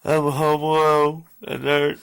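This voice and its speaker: A man's voice: on the high side, monotone, slow, gravelly, a little hiss or hum. A man talking casually in a vlog, playful and affectionate with his dogs, calling himself their daddy. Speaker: vlogger. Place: at home.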